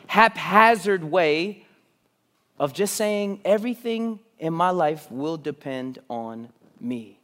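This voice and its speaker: High-voiced man preaching, hushed to emphatic. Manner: swings from hushed, near-whispered lines to loud, emphatic rising runs. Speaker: pastor. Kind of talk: sermon. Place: auditorium.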